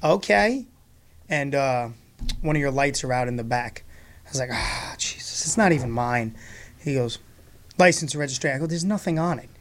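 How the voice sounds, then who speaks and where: A man's voice: medium pitch, lively intonation, moderate pace. A man telling a funny story in casual conversation, acting out both sides of the exchange and laughing often as he talks.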